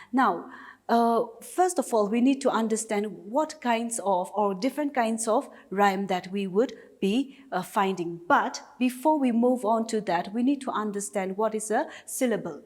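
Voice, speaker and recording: A woman's voice: medium pitch, a little mellow. A woman teacher from Nagaland with a Naga English accent, giving a recorded class lesson patiently and step by step with repeated examples. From Nagaland, India.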